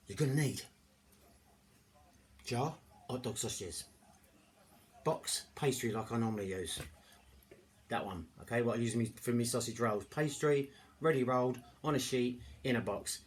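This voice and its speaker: A man's voice: medium pitch, moderate pace, pauses often, husky. A middle-aged man chatting casually to camera in his home kitchen, rambling and jokey. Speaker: home cooking vlogger. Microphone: camera mic.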